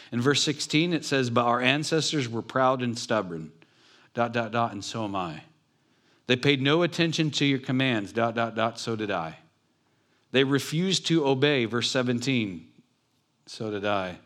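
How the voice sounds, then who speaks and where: A man's voice: medium pitch, fairly bright tone. A man preaching a sermon in a church, talking in a conversational, joking way with his congregation. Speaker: pastor. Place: church building.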